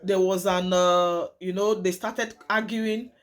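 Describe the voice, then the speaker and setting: A woman's voice: mid-range voice, steady tone, takes it slowly. A young woman telling a true story to her viewers, emphatic and dramatic, often repeating phrases and calling her audience "guys".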